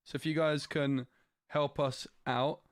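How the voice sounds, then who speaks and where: A man's voice: fairly high pitch, little pitch movement, unhurried, no echo, clean studio sound. A man hosting a casual card-game watch-party stream, slightly losing his voice, explaining player lineups. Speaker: stream host. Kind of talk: casual livestream chat.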